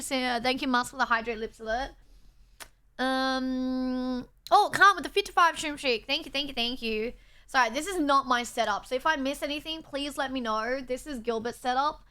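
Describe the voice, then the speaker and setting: A woman's voice: sits high, sharp tone. A young Australian woman livestreaming, chatting casually and thanking her chat on a borrowed setup. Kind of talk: casual stream chat reading chat. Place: borrowed streaming setup indoors.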